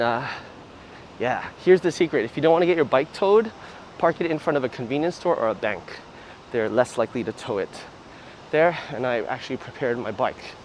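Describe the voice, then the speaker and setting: A man's voice: mid-range voice, slight background noise, rough recording. Chatty man livestreaming outdoors. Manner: chatty and rambling, with frequent fillers. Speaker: livestream host. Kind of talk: casual livestream chat. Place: outdoors on city streets.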